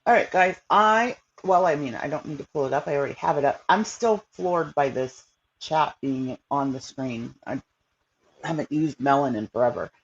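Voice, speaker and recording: A woman's voice: low voice, normal speed, lo-fi sound. A woman hosting a casual livestream, chatting with viewers in a rambling way with lots of fillers. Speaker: livestream host.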